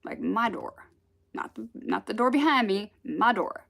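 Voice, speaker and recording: A woman with a gravelly, creaky edge tells a story from her own life in an easy, conversational way. Her pitch sits in the middle for a woman, and she stays animated, lifting her voice into the quoted lines and laughing between them. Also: unhurried. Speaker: spiritual storyteller. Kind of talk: casual personal storytelling.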